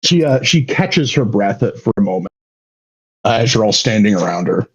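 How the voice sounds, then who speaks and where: A man's voice: fairly low pitch, lively intonation, normal speed, breathy edge, muffled recording. A man running a tabletop game as game master, narrating with many halts and restarts.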